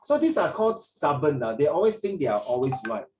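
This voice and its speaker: A man's voice: fairly high pitch, sing-song, a little fast, a little mellow, echoey room, distant mic, a little hiss or hum, low-quality recording. A man with a Singaporean English accent tutoring children in an online English lesson, rambling with many fillers and restarts. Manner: rambling, frequent fillers and restarts, mixes in Mandarin.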